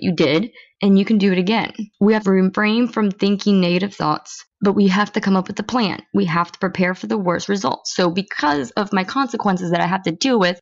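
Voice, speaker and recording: A woman's voice: fairly low pitch, muffled recording. A woman hosting a podcast, talking through her feelings in a blunt, emotional monologue and swearing freely. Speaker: podcast host. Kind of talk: candid personal monologue.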